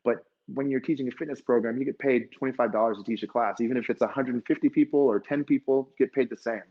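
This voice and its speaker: Animated male dance instructor telling a story. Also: mid-range voice, fast, muffled recording. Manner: animated storyteller acting out dialogue, emotional. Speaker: fitness instructor and conference speaker. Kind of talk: conference keynote storytelling.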